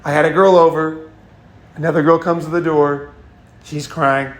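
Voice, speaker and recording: A man's voice: on the high side, flat delivery, normal speed, roomy sound. A man hosting a casual advice monologue, blunt and profane, often restarting and repeating himself. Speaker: host.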